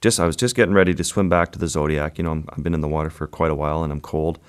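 A man, a wildlife photographer, being interviewed and telling a vivid, unhurried story about his work. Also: very deep voice, steady tone, clean tone.

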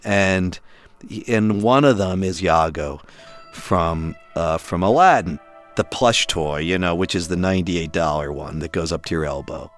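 Deep-voiced man telling a family story. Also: unhurried, soft background music. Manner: animated, acts out the voices of others. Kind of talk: storytelling in an audio documentary.

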